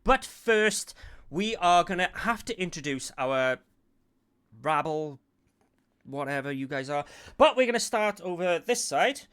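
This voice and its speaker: A man hosting a live-stream chat show, excitable and rambling, with plenty of exclamations. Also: a little high, a little slow, smooth. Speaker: host.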